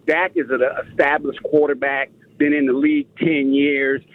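A man's voice: mid-range voice, monotone, moderate pace. A man calling in to a sports radio show, making his point earnestly over a phone line. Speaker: caller.

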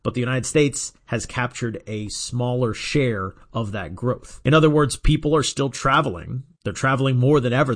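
Man reading a steady radio commentary. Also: medium pitch.

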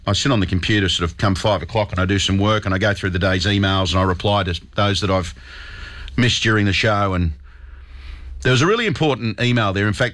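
A man's voice: fairly low pitch, a bit bright. Indignant Australian radio host man. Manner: indignant, emphatic. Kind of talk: talkback radio commentary.

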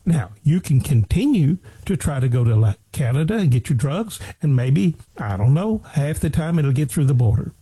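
Husky dark-voiced sarcastic talk host. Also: male voice, fairly high pitch, low-quality recording. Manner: sarcastic, acts out both sides of dialogues. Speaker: radio talk show host. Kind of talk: opinionated talk radio commentary.

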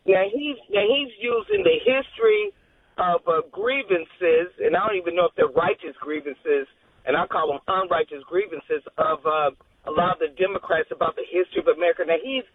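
A woman's voice: fairly low pitch, lively intonation, normal speed, husky. Rambling woman caller on a tinny phone line. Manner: rambling, repeats and restarts phrases. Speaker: caller to a radio show. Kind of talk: phone-in call.

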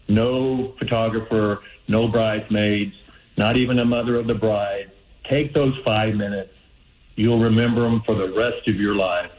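An older male caller on a radio show, sharing heartfelt advice earnestly and slowing for emphasis. His voice comes through a muffled, lo-fi phone-in line. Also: fairly low pitch.

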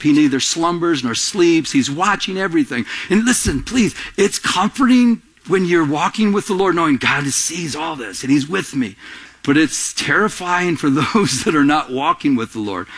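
A man preaching a sermon to a congregation, animated, swinging between soft and raised delivery and acting out little scenes with quoted voices. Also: on the high side, moderate pace. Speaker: pastor.

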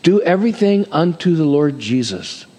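A man's voice: on the high side, sing-song, normal speed, dark tone, big-room sound. A man pastor preaching a sermon in a conversational way, with joking asides and repeated calls of "Amen?" to the congregation.

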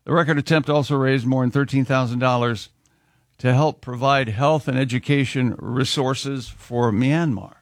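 A man's voice: mid-range voice, fairly even intonation, moderate pace, dry recording. A man hosting a morning radio show, reading sports scores and odd news with joking asides. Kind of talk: casual morning show banter.

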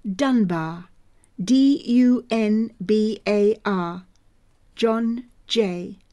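A woman voicing a captured male frontier soldier who answers in flat, terse, guarded replies. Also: fairly high pitch, unhurried.

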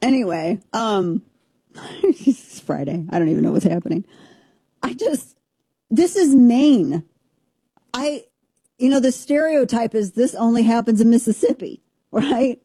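A woman in her forties from Southern Missouri, co-hosting a casual talk show and telling a family story with lively, joking asides. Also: a little high, moderate pace, slightly rough, no room sound, clean studio sound. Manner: animated, jokey, talks over herself. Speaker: show co-host.

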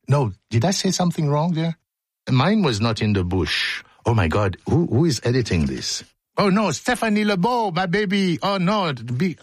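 A male radio host reads his lines in a studio and keeps cracking himself up. His voice is husky and it swoops up and down with lively expression. The studio sound is close and dry. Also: on the high side, no room sound. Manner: jokey, self-mocking, breaks off mid-line. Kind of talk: playful studio outtakes of scripted narration. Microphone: studio microphone.

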